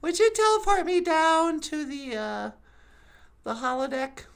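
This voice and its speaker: A giggly, rambling cartoon woman, as a performer does her voice, talking in a high, sing-song voice that swoops up and down. She takes her time over her words, musing aloud while birds sing around her. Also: sing-song, unhurried, creaky, fairly bright tone, heavily acted. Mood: playful. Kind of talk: puppet show monologue.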